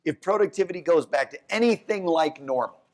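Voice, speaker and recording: Animated man in a live onstage talk. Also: fairly quick. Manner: animated storyteller, jumps to high voices for quotes; restarts and self-corrections. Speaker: economics professor, guest. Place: downtown event hall with live audience.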